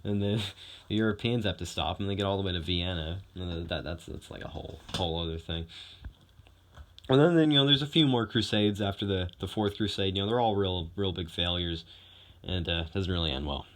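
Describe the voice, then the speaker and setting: A man's voice: deep voice, brisk, a bit bright. A male student giving a casual, rambling, irreverent spoken summary full of fillers.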